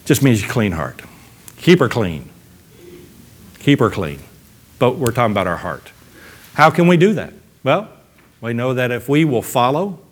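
A man's voice: on the high side, fairly bright tone. A man preaching a sermon in a playful, emphatic way, cracking jokes and acting out little quotes as he goes.

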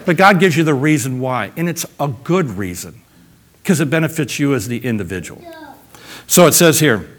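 A man's voice: mid-range voice, big pitch swings, normal speed. A man preaching a sermon in a playful, emphatic way, cracking jokes and acting out little quotes as he goes.

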